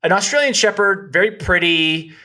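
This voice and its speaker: A man's voice: sits high, expressive, normal speed, bright, forceful tone. A man co-hosting a comedy podcast, chatting casually and joking, often restarting and trailing off mid-sentence. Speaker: podcast co-host. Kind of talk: casual chat.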